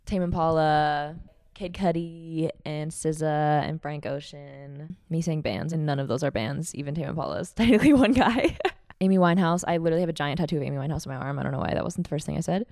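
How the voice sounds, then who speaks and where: A woman's voice: low voice, a little fast, a little mellow, no echo, clean studio sound. A twenty-year-old woman, a pop singer guesting on a podcast, talking casually with a sarcastic, candid manner and laughing at herself.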